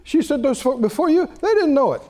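A man preaching a sermon, telling a story with laughter and acting out what people said. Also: fairly quick. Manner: lively, wide-ranging pitch.

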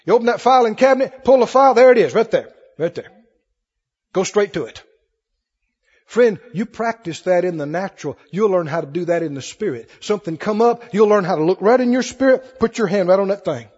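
Man, pastor preaching, high husky voice, long reverb, muffled lo-fi sound. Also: lively intonation, fairly quick, darkish tone. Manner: emphatic preaching, calls for congregation responses. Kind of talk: sermon. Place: church hall with congregation. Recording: lo-fi recording in a reverberant hall.

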